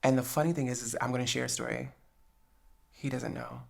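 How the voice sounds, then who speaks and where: Her voice is very deep, creaky, and fairly quick: a podcast host from New Jersey telling a story casually. She stays animated throughout, laughing often and acting out quoted dialogue.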